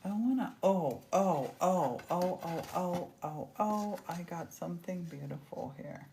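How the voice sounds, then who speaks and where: A woman's voice: on the low side, expressive, measured pace, gravelly, warm tone, a little hiss or hum. A woman hosting a casual crafting demonstration, chatty and gushing as she works. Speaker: craft host.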